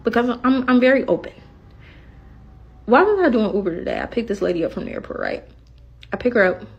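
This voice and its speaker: A woman telling a personal story in a blunt, profane and animated way, acting out the other side of the dialogue. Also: a little high, a little fast, gravelly, slightly rough, dull audio. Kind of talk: casual storytelling.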